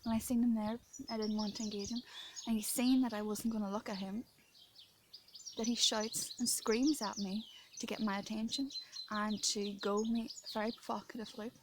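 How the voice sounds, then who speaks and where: A woman's voice: fairly high pitch, steady tone, normal speed, noisy background. An Irish woman vlogging while shaken and upset, talking indignantly and rambling, sometimes dropping into a whisper. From Ireland. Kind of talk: emotional venting to camera. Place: outdoors in rural France. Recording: outdoor recording with birdsong behind.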